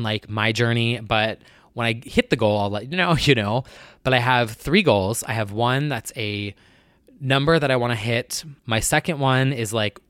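Guy vlogging about his life, kinda nasal, rambles and restarts a lot, mid pitch, dry close mic. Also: a bit bright, dry recording. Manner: earnest, rambling, self-correcting. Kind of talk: candid personal vlog.

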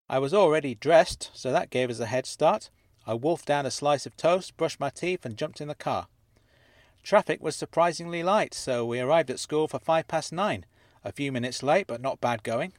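A man tells a first-person mystery story in a calm, steady voice, lending the same plain voice to the other characters' lines. His pitch sits in the middle range for a man. The recording is close and dry, with no room sound. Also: no echo. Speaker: narrator. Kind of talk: scripted audio drama narration.

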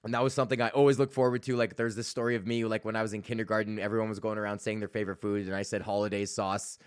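A man's voice: on the low side, flat delivery, very fast, smooth. A young man from Canada hosting a podcast, telling stories in a rambling, swearing, casual monologue and laughing at his own jokes. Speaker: podcast host and comedian.

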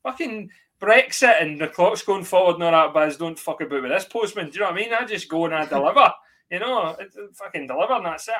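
Sweary Scottish podcast host. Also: male voice, sits high, expressive, fast talker, pushed and bright. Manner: sweary, laughing, banter. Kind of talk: casual chat.

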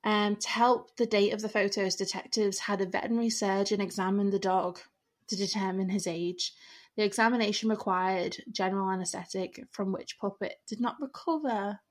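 A woman's voice: medium pitch, fairly even intonation, normal speed. A young woman, co-hosting a casual true-crime podcast, reading case notes and stopping to laugh and swear. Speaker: podcast co-host.

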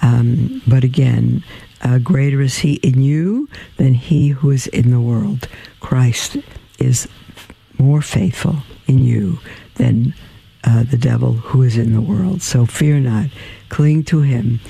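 A tired man hosting a religious radio program, answering listener mail in a halting, plain-spoken way with many ums and restarts. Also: mid-range voice, vocal fry, dark tone, husky, rough recording. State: tired and yawning. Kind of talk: religious call-in radio talk.

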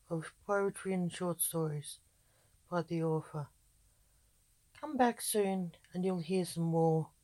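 A woman hosting a podcast and narrating a short story in a soft, measured reading. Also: lowish voice, poor audio.

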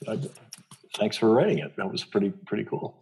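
A man's voice: lowish voice, big pitch swings, fairly quick, gravelly, darkish tone, slightly rough. A man who works as an executive coach, answering interview questions in a hesitant way, with many fillers and restarts. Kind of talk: conversational interview.

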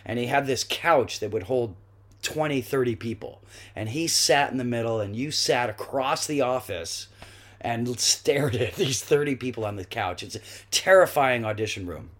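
Animated man telling a story. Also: medium pitch, moderate pace. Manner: lively anecdotes, acts out quoted voices, swears. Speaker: guest actor. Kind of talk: animated storytelling in a podcast interview.

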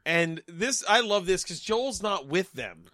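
High-voiced man who swears casually. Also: lively intonation, measured pace, pushed and bright, no room sound, clean studio sound. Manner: swears freely, blunt and joking. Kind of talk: casual podcast chat recapping a movie.

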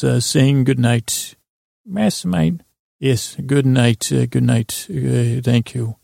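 Gravelly man rambling through improv comedy. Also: mid-range voice, mellow, no echo, studio quality. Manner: rambling, halting, full of restarts. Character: earnest boy king Tommen. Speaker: comedy podcast host.

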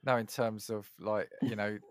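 A man's voice: lowish voice, fairly even intonation, normal speed. Chatty man hosting. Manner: chatty, steers the conversation. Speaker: podcast host. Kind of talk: casual chat.

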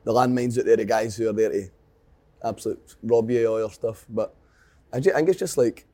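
A man's voice: lowish voice, fairly quick, dark tone, no echo. A Scottish man talking casually and bluntly about working as a musician, with some swearing. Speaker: musician guest. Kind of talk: casual chat.

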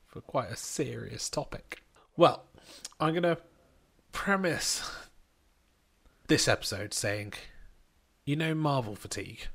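A man's voice: mid-range voice, lively intonation, takes it slowly, gravelly, long pauses, fairly bright tone. Cheeky opinionated man. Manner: cheeky and opinionated, reads plot summaries aloud. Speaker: podcast co-host. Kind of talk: casual film discussion.

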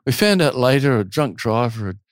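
A man running a retreat, telling stories casually in an interview with a lively, animated delivery. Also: medium pitch, brisk, no room sound, studio quality.

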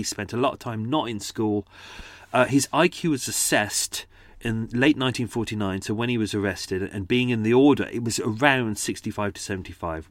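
Recorded dry and close, a chatty male host with a low voice rambles to his listeners, dropping self-mocking asides. This podcast storyteller restarts and fills his sentences often and slips into character accents for his tales.

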